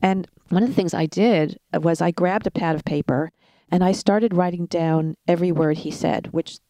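A woman's voice: lowish voice, moderate pace, no room sound. A middle-aged woman telling parenting stories in a casual chat, laughing now and then. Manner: warm storytelling with laughs.

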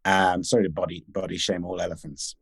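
Guy, lowish voice, talks slow and careful, lots of restarts, dry close sound. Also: flat delivery, slightly rough, no echo. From Sudan and Britain. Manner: articulate, halting with many restarts. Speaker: guest actor. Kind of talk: reflective interview conversation.

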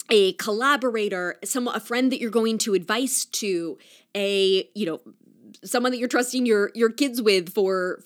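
A young adult woman hosting a solo podcast, talking in an earnest, reflective way with many casual "like" fillers. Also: mid-range voice. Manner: earnest and reflective, talks with her hands, frequent "like" fillers. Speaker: podcast host.

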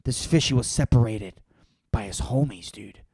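A man's voice: medium pitch, moderate pace, darkish tone, husky, no echo, clean studio sound. A young man hosting a solo podcast, ranting in a profane, sarcastic, exasperated way. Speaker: podcast host. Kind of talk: solo comedic rant.

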